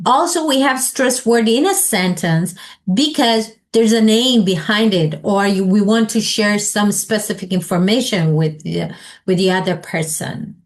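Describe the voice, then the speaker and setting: A woman's voice: medium pitch, a little slow. A woman leading a teacher training session, asking the group questions and modeling example sentences aloud.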